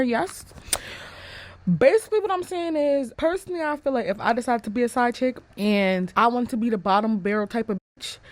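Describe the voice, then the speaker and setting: A young woman telling a personal story-time to her viewers, blunt and profane, animated in her storytelling. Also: on the high side. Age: young adult. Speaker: storyteller vlogger.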